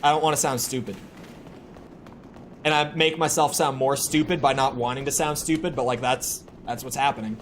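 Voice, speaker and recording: With a medium pitch and fairly even intonation, a young American man talks at normal speed to his stream chat. His casual chat rambles and stumbles, with words repeated at the start of sentences, and background noise comes through clearly.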